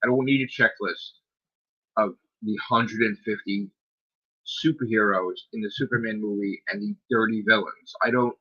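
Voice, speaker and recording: A man's voice: lowish voice, steady tone, normal speed. A man hosting a podcast, ranting in a casual, exasperated way, full of swearing, repeated rhetorical questions and "like". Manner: exasperated, profane, rhetorical questions, lots of 'like'. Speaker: podcast host. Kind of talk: casual rant. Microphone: streaming microphone. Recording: slightly dull lo-fi sound.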